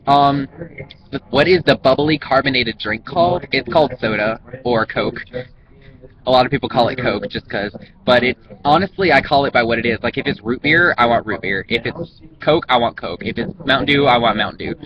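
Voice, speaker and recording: A man's voice: mid-range voice, fairly quick, lo-fi sound, background noise. A man with a Southern US accent, rambling casually through an accent-challenge vlog with many ums and restarts. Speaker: vlogger.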